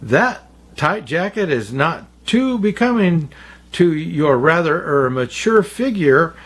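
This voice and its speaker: A man's voice: fairly high pitch, sing-song, slow pace, fairly bright tone, breathy edge, full character voice. A man voicing Jack Frost, a proud wintry male sprite fond of big words, in a storybook reading. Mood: pompous. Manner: pompous.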